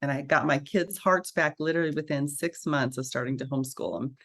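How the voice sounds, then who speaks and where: A woman, a registered nurse, telling her story as a guest in a casual interview, animated and acting out the voices she quotes. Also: low-pitched, brisk.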